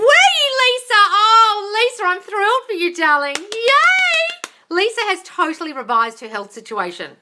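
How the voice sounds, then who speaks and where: Aussie lady doing a live q&a, bright punchy voice, a bit high, swears a lot, calls everyone darling. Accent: Australian. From Australia. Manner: blunt, swears freely, calls viewers darling. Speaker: manifestation coach. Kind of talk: live-stream Q&A chat. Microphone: phone or tablet.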